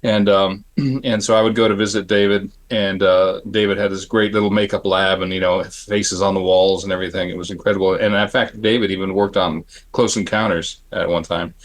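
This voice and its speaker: A middle-aged man from Phoenix, Arizona, a makeup effects artist telling stories on a panel, acting out the people in them and often clearing his throat. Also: sits low, a little fast, hardly any pauses. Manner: animated, acts out the people in his anecdotes; frequent throat clearing and restarts. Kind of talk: storytelling on a panel.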